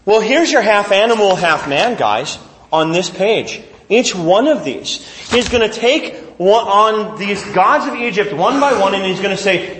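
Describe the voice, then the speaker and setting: High-voiced man teaching a Bible lesson. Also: a little slow, reverberant. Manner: animated, conversational storytelling.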